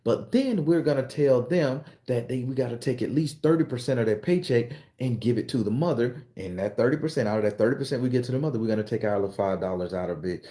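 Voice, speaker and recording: Male storyteller, mellow voice, roomy echo, acts out his characters with sudden high squeals. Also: fast talker, hardly any pauses. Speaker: commentator on social media channel. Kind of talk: animated storytelling monologue with profanity.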